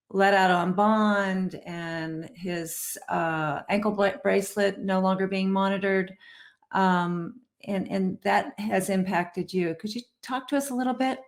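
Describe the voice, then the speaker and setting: Woman moderating a video call panel. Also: mid-range voice.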